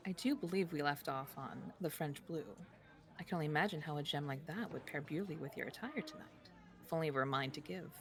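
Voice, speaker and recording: Woman playing a cunning jewel swindler, poised, flattering, low voice. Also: quick pace.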